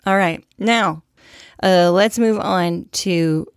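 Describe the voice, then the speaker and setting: A woman's voice: fairly low pitch, takes it slowly, smooth, no echo, clean studio sound. A young woman hosting a podcast in a casual monologue, candid and profane, with a self-deprecating streak. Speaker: podcast host.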